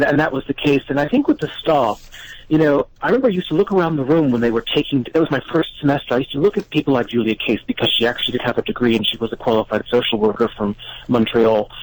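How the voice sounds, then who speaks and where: A man's voice: medium pitch, dry recording, poor audio. A man calling in as a guest author on a radio interview, talking earnestly and often repeating words as he recounts events. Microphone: phone.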